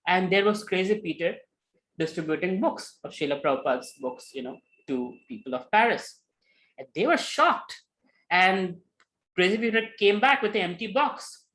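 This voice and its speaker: A man giving a spiritual talk, telling a story with lively retellings and many fillers. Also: high voice, normal speed, poor audio. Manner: animated, with many fillers and acted quotes. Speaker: spiritual teacher.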